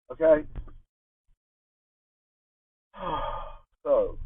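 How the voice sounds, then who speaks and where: A man's voice: on the high side, husky, no room sound. A man delivering an angry, profane political rant in a ranting monologue style. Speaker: political commentator. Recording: muffled phone-like audio from far from the mic.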